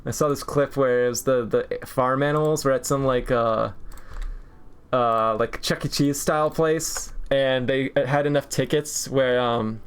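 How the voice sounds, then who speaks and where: A young man chats casually on a stream while he draws, at an ordinary mid pitch. He rambles from one jokey tangent to the next and laughs often. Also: fairly even intonation, a little slow, clear, resonant tone. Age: 20s. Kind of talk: casual chat while drawing.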